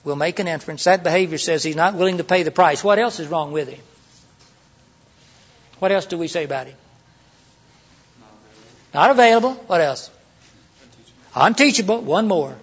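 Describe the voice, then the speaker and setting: High husky preacher, lo-fi recording. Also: male voice, animated, moderate pace, pauses often. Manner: conversational, rhetorical questions, acts out quoted lines. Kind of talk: sermon teaching. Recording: dull lo-fi sermon recording.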